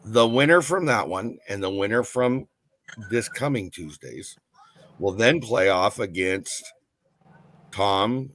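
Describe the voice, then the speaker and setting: A man's voice: on the low side, lively intonation, slow pace, pauses often, a bit bright. A man co-hosting a casual live-stream chat, reading out the event lineup in a loose, rambling way.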